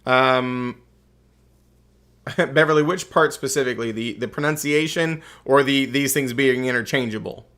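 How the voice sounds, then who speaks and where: A man with a Southern US accent lectures his class in a folksy, joking way. He talks at a middling pitch, like an instructor walking students through the basics. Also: a little slow, a bit bright. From Southern United States. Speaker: real estate instructor.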